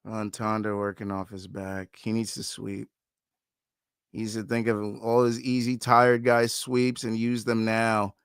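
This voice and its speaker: A man hosting a live fight watch-along, giving fan commentary, who swears often and pleads and shouts at the fighters on screen. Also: fairly low pitch, level tone, measured pace, smooth, dry recording, clean studio sound.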